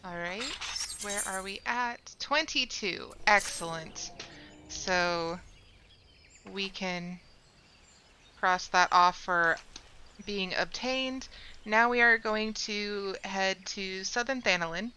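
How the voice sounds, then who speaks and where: Chatty woman streamer, bright voice. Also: fairly low pitch, a little slow, a little hiss or hum. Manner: chatty, rambling, self-correcting. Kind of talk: casual gameplay commentary.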